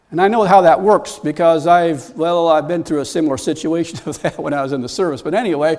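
A high-pitched man preaching to his congregation. He tells stories and often climbs into loud, animated stretches of emphasis. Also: fairly quick, few pauses. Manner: storytelling preacher, rising to loud animated bursts. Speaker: pastor. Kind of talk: sermon.

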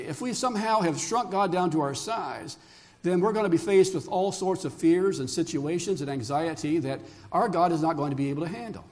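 An older man preaching a sermon to a congregation as their pastor, telling stories with animation and putting questions to the room. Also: high voice. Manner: animated storyteller who asks the congregation questions.

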